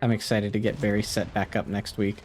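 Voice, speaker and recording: A man's voice: fairly low pitch, level tone, fairly quick, a little mellow. A man hosting a gaming stream, chatting casually and upbeat, laughing often while he plays.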